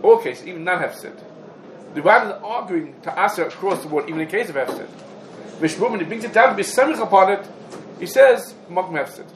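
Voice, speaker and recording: In an echoey room with a crowd audible behind him, a Talmud teacher leads a halacha class in English heavy with Hebrew and Yiddish words. He talks fast, with a high-pitched voice and lively intonation, and there's background noise throughout.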